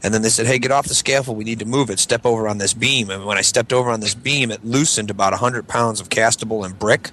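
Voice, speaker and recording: A man's voice: fairly low pitch, fast talker, hardly any pauses, fairly bright tone, a little hiss or hum. A young man telling a rambling, profane story on a casual group podcast, acting out the voices of the people in it. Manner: rambling, profane, acts out voices in his stories. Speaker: podcast co-host.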